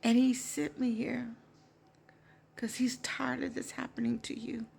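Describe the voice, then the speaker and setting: A woman voicing a gentle, loving female guardian angel, speaking softly and soothingly in a hushed, partly whispered voice. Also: a little high, flat delivery, a little slow, creaky, slightly rough, exaggerated voice. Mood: tender.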